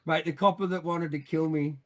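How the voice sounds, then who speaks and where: A man's voice: a little high, fairly even intonation, a little fast, a bit bright. Profane, rambling Australian man. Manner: profane, rambling, laughs often. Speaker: podcast guest. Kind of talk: casual storytelling.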